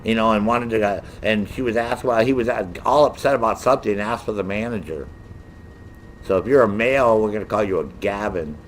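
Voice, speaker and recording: A middle-aged man ranting casually with a lot of profanity, in a lively, mocking storytelling way. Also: fairly low pitch, fairly quick, slight background noise. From United States. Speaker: gaming streamer.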